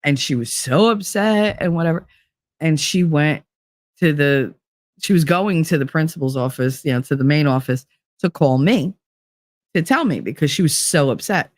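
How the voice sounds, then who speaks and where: A middle-aged woman, telling stories on a podcast in an animated, blunt way, swearing freely and acting out dialogue. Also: low voice, normal speed, dry recording, studio quality. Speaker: podcast co-host, former teacher. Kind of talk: storytelling chat.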